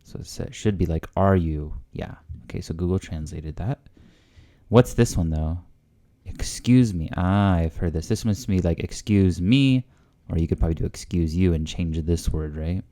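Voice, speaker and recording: Casual host, low mellow male voice, hesitant learner thinking aloud. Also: moderate pace. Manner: hesitant, full of fillers and guesses. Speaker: language learner hosting a video series.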